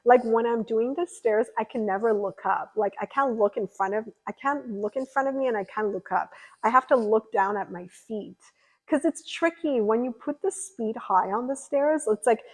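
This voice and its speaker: A woman's voice: a little high, normal speed, low-quality recording. A young woman livestreaming, chatting casually and rambling through viewer comments with lots of fillers. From California.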